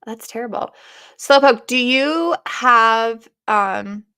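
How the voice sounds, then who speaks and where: Bright-voiced chatty woman. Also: a little high, takes it slowly, clean tone. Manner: chatty, swears casually, laughs often. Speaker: co-host of a livestream. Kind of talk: casual livestream chat.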